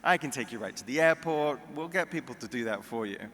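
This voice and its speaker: A man's voice: mid-range voice, expressive, quick pace, a bit bright, slight background noise, close to an everyday voice. A man voicing an exasperated grown son who keeps insisting and reassuring his mother, in a hall with a long echo. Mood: insistent.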